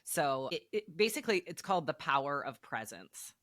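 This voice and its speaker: A woman's voice: sits low, sing-song, moderate pace, fairly bright tone, dry recording, clean studio sound. A woman hosting a casual podcast chat. She laughs often and restarts her sentences as she searches for words. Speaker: podcast host.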